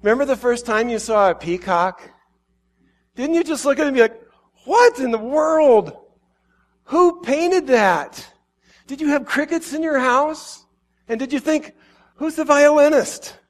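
A man's voice: medium pitch, animated, takes it slowly, pauses often, breathy edge. Give me a preacher playing a tender, heartbroken god pleading with his people. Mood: wistful. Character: grieving loving male god addressing humanity.

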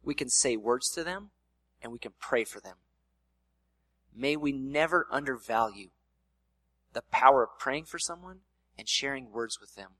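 A man's voice: medium pitch, expressive, unhurried, long pauses, fairly bright tone, no echo. A man preaching a sermon in a casual, conversational way, slipping in playful voiced asides. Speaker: pastor.

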